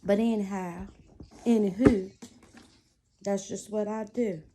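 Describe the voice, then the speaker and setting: A woman's voice: mid-range voice, fairly even intonation, slow pace, dark tone, a little hiss or hum. A woman chatting casually to camera from a small cluttered room at home, giving sassy, preachy relationship advice while she laces shoes. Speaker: vlogger.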